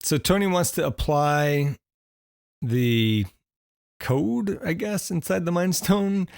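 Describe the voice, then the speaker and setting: A man's voice: fairly high pitch, takes it slowly, vocal fry, clear, resonant tone, no echo. Chatty male podcast co-host, dry sound. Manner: chatty, laughs often, restarts mid-thought. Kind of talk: casual movie review chat.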